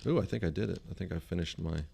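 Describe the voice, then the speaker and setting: A man chatting on a podcast who tells stories with animated, exasperated rants. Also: deep voice, very fast, creaky, husky. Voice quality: animated storyteller, ranting in exasperation. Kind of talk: casual chat.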